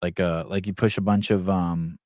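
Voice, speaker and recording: A man hosting a live podcast, chatting casually and reading the chat aloud, rambling and swearing as he thinks out loud. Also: low voice, level tone, moderate pace, no room sound, studio quality.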